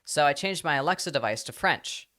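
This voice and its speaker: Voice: medium pitch, lively intonation, brisk, pushed and bright. A live streamer casually telling a rambling anecdote to the audience, full of fillers and quoted voices.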